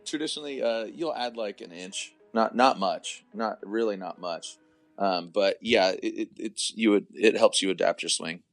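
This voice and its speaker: A man's voice: lowish voice, moderate pace, soft background music. Rambling guy telling stories. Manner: rambling storyteller with frequent restarts. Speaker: guest. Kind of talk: casual podcast chat.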